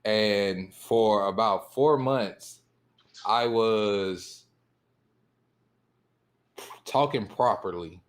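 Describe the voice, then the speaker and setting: A man's voice: on the low side, very slow, pauses often. A man with a Southern US accent, talking in a rambling, laid-back way as a guest on a casual podcast discussion.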